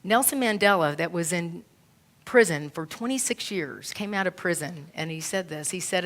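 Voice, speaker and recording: A woman's voice: fairly low pitch, normal speed, a bit bright. A woman minister giving a sermon in a church, retelling a story with earnest, emotional storytelling.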